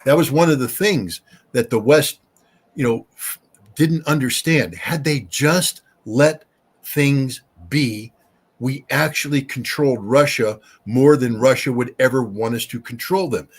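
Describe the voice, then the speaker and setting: A man's voice: mid-range voice, slightly rough. An American man, a guest expert on a podcast, answering questions bluntly and emphatically at length. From United States.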